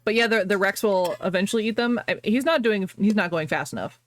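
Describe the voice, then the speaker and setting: Giggly game streamer, very lively pitch. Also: brisk. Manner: giggly, laughs often, apologizes a lot; talks to chat, reacting to the game. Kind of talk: casual live-stream chatter while playing.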